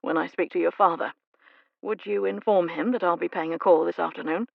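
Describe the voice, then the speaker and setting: A woman narrator voicing a determined, teasing young duke in an audiobook, with a gravelly, measured delivery. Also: high voice, steady tone, dry recording, dull audio. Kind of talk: audiobook character reading.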